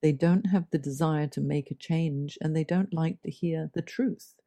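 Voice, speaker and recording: A middle-aged woman with an Australian accent, a career coach hosting an interview, warmly affirming her guest. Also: deep voice, steady tone, normal speed, vocal fry. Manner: warm affirming, enthusiastic agreement. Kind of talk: interview conversation.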